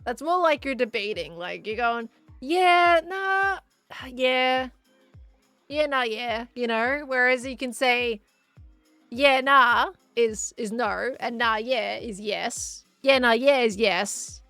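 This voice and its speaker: A woman's voice: fairly high pitch, slow, creaky, bright, forceful tone, dry recording, faint music behind. Chatty Australian woman streaming a game. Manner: chatty, answers chat, playful asides. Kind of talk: casual live-stream chat while gaming.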